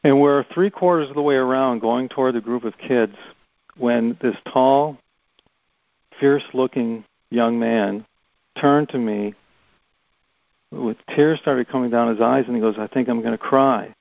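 Gravelly man telling an earnest story. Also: mid-range voice, no echo, muffled recording. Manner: halting, repeats words, earnest. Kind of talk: storytelling on a call. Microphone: phone or conference call.

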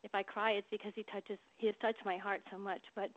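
A woman guest telling heartfelt stories in an interview, emotional and quick to laugh. Her voice sits at a middle pitch. The sound is a little dull and lo-fi. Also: flat delivery. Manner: warm, emotional storytelling with laughs. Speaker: author and guest. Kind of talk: casual interview storytelling.

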